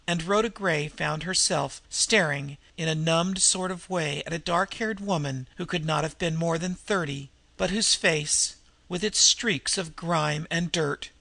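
A man's voice: fairly high pitch, creaky, bright, forceful tone, no room sound. A man narrating a novel in a scripted reading style, voicing every character himself. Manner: reads the prose and voices every character. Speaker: audiobook narrator.

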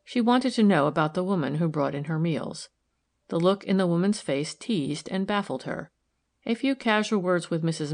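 A woman reads a mystery novel aloud in a steady, even narrating voice. Her pitch sits low for a woman, and the pacing is unhurried. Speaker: audiobook narrator.

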